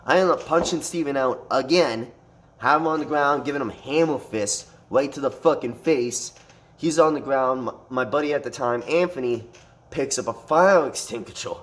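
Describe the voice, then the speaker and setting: A man's voice: mid-range voice, moderate pace. A man telling a fight story in a casual storytime monologue, swearing constantly and rambling with restarts. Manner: profane, animated retelling with frequent swearing.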